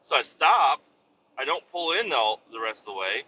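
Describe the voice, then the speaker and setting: A truck driver rants and tells exasperated stories in a casual driving vlog, swearing constantly. His mid-range voice is sing-song, bright and forceful, at normal speed. The dull, lo-fi recording from inside the moving cab picks up road noise.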